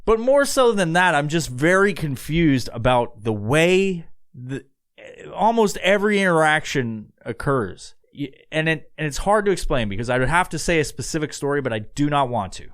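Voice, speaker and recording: Male podcast host, slightly high voice, loose rambling monologue, swears a lot, laughs between thoughts. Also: very animated, moderate pace, fairly bright tone. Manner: rambling, profane, laughs often. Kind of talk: casual monologue.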